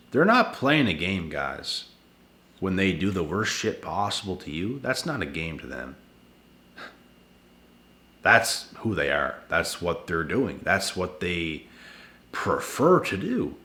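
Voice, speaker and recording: Blunt male vlogger, tired late-night delivery, deep voice, echoey home room. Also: a bit bright. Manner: blunt, repetitive, addresses viewers as guys and bro. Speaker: channel host giving relationship advice. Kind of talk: casual vlog monologue. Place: at home indoors.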